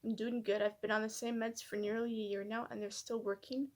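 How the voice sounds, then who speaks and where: A woman vlogger talking candidly and reflectively to her camera, hesitant and soft-spoken, with many fillers and restarts. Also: on the high side, flat delivery, fairly quick. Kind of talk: personal reflective vlog.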